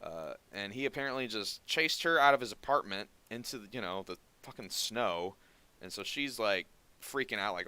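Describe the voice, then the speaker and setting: A man's voice: fairly low pitch, expressive, normal speed, sharp tone, smooth. A man hosting a podcast, telling a long story in a rambling way, often restarting his sentences. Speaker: podcast host. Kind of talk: casual podcast chat.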